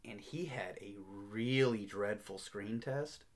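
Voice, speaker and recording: A man's voice: lowish voice, slow pace. A man co-hosting a podcast, casually sharing behind-the-scenes film history in a knowledgeable, storytelling way. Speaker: podcast co-host.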